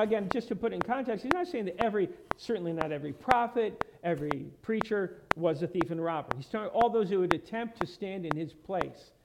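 A male pastor preaching a sermon in a church, emphatic and quoting scripture in old-fashioned wording. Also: high voice. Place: church sanctuary. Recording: loud background noise in a church sanctuary.

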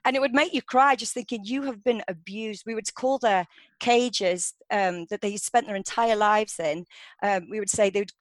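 A woman's voice: medium pitch, normal speed, no echo. Chatty woman with a dry voice. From England. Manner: animated, laughs often, many ums. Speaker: veterinary nurse guest. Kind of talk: casual interview chat.

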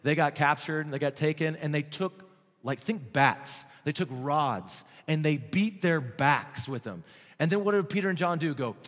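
A man preaching a sermon as pastor, swinging from hushed, low passages to loud, excited stretches. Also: moderate pace. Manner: dynamic, swings from hushed to shouting. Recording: long hall reverb.

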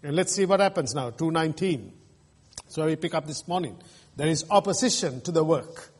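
Here the Australian pastor sounds a little high, expressive and husky, preaching an emphatic sermon to his congregation. Mocking jeers and pauses punctuate it, and the church sanctuary echoes with reverb.

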